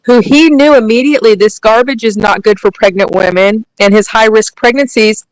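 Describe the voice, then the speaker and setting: A woman's voice: fairly high pitch, normal speed, no echo, poor audio. A woman speaking as a guest in a live audio chat, earnest and indignant, with frequent fillers. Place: remote live audio room.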